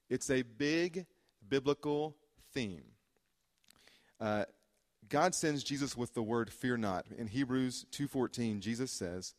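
A male pastor preaches in a casual, joking way, dropping in frequent "uh"s between his points. His medium-pitched voice carries a long reverb from the church hall around him. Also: unhurried. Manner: conversational and joking, with frequent "uh" fillers. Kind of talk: sermon.

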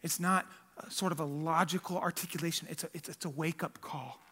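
Bright-voiced man preaching in a reverberant hall. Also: fairly high pitch, fairly even intonation, quick pace, husky. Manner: informal and emphatic, with frequent restarts and rhetorical questions. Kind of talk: conversational sermon. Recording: long reverb of a large hall.

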